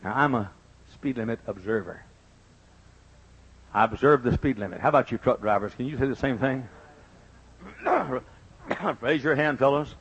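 An older male pastor preaching a sermon, swinging from fervent shouting to hushed storytelling, with folksy asides to the congregation. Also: medium pitch, moderate pace, pauses often, slightly rough, highs cut off.

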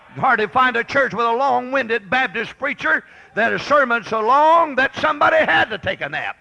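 Shouting revival preacher, gravelly and high. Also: male voice, animated, moderate pace, poor audio. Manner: shouting, thundering, repetitive exhortation. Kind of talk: fiery revival sermon. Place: church service with congregation.

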